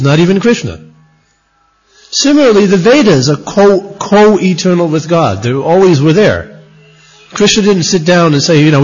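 A man with a husky, slightly high voice gives an emphatic scripture lecture, his pitch rising and falling a lot as he hammers home his points. The recording is dull and lo-fi. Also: a little mellow. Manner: emphatic, repeats key points. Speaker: religious teacher.

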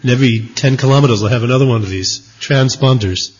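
A man's voice: mid-range voice, fast, husky. A man teaching a scripture lecture as a religious teacher, emphatic and repeating his key points. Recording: dull lo-fi recording.

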